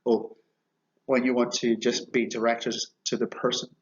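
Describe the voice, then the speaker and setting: A man's voice: mid-range voice, little pitch movement, a little hiss or hum. Man teaching idioms, slightly dull audio. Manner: slow, explanatory, repeats phrases and checks with "okay?". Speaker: Portuguese teacher. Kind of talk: video lesson explaining idioms.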